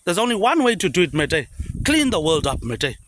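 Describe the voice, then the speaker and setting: A man delivering a rambling, repetitive monologue, tagging lines with a low "mate, eh". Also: sing-song, brisk, a bit bright, a little hiss or hum. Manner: repetitive, trailing "mate, eh" tags dropped low. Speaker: vlogger.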